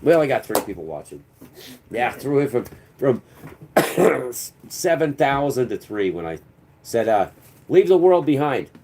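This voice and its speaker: A man's voice: medium pitch, very animated, measured pace, heavy background noise. A man hosting his own political commentary channel, ranting off the cuff in a rambling, sarcastic and profane way.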